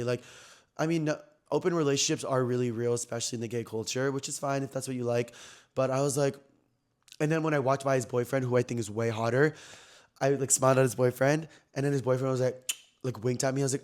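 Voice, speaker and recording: A young man hosting his own podcast, telling gossipy stories in an animated, slangy, casual way. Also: medium pitch, quick pace. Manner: animated, chatty, heavy slang and "like" fillers. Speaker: podcast host.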